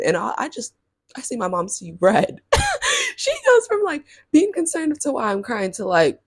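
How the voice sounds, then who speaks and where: At a moderate pace, this chatty storytime vlogger from Southern California recounts a childhood memory for viewers, saying "like" and "y'all" constantly. Her voice jumps up whenever she quotes reactions, all in a dry, clean studio recording.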